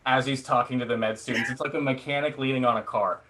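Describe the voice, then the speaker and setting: A male stand-up comedian tells a long self-deprecating story, bright and forceful in tone. He rambles with plenty of fillers and restarts and acts out quotes of other people along the way. It is a live comedy performance on a theatre stage. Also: medium pitch, steady tone, fast. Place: theatre stage before a laughing audience.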